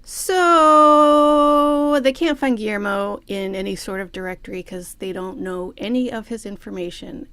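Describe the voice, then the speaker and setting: A woman co-hosting a podcast, chatting casually about a TV episode, playful and quick to swear. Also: medium pitch, fairly bright tone, clear, resonant tone. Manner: playful, swears freely, laughs often. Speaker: podcast co-host. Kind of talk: casual chat recapping a TV episode.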